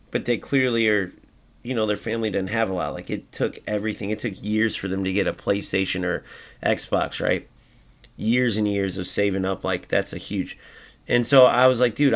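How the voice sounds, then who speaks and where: A man streaming a football video game, commenting live, swearing freely and talking to his viewers. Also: fairly low pitch. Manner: excitable, swears freely, talks to chat. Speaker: gaming streamer.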